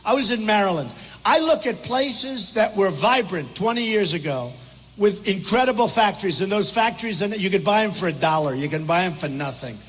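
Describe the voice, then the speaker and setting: A man's voice: high voice, lively intonation, a little fast, fairly bright tone, husky. An older man giving a rambling, repetitive, combative rally speech at a podium microphone. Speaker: political candidate. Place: airport hangar rally with crowd. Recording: echoey hall, faint background noise.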